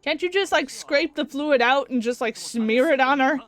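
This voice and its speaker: A woman's voice: high-pitched, moderate pace, faint music behind. A woman hosting a let's play, reacting to the story with emotional asides between read lines. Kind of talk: casual game commentary.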